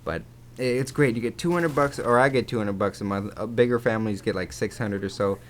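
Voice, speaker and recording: A man's voice: lowish voice, brisk, slight background noise. A young man rambling casually as he tells a story over his gameplay video, with lots of restarts and casual swearing. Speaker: gaming YouTuber.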